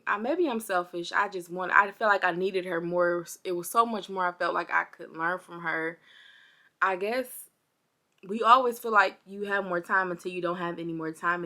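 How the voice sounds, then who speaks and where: A young woman telling a storytime vlog to her viewers, chatty and animated, a little parched and under the weather. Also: lowish voice. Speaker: vlogger.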